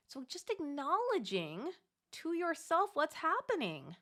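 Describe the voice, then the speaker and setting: Woman in her thirties, casual coaching talk, animated, acts out voices in her head, middle-pitched. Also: normal speed. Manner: animated, acts out inner self-talk with big pitch jumps. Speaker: Catholic mom coach. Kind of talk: casual advice monologue to camera.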